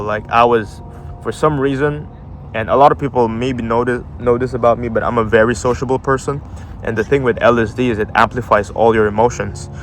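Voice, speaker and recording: A man's voice: medium pitch, fairly bright tone, a little hiss or hum. Laid-back young guy telling a wild story. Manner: profane, slangy, laughs often while telling. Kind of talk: casual storytelling monologue.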